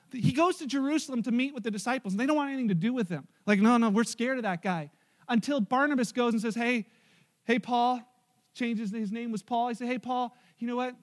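A middle-aged man preaching a sermon in a church, telling stories with lively acted quotes and asides to the congregation. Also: very high-pitched. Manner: animated, storytelling with acted quotes and audience asides. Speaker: pastor.

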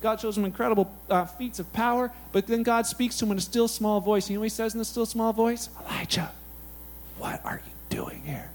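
A man preaching a sermon in a casual, animated, conversational way, telling Bible stories with lots of "like" and "you know". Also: high voice, quick pace, hardly any pauses, a little hiss or hum. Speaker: pastor.

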